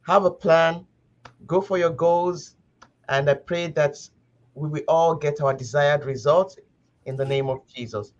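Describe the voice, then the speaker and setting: A woman's voice: sits low, unhurried, muffled recording. A woman co-host giving firm, exhorting motivational closing remarks that end in a prayer.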